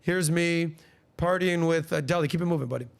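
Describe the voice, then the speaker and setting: With a fairly high pitch, a slightly quick pace, and some vocal fry, a man in his forties hosts a podcast. He spins casual stories and animatedly imitates the people he quotes.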